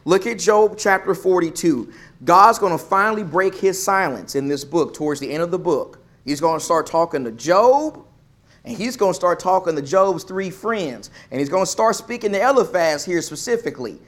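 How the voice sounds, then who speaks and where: A man's voice: high-pitched, lively intonation, moderate pace, fairly bright tone. A man preaching a sermon as pastor, emphatic, repeating phrases for stress.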